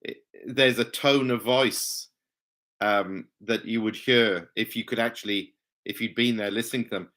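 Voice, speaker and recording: A man preaching a Bible study sermon, teaching slowly and emphatically and letting his pitch swing widely on key words. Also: a bit bright.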